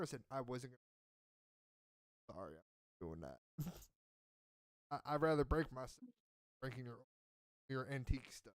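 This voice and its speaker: A man's voice: mid-range voice, animated, moderate pace, pauses often, dry recording. Man telling a rambling story, dry sound. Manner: rambling storyteller, acts out quotes. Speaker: podcast host. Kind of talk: casual chat.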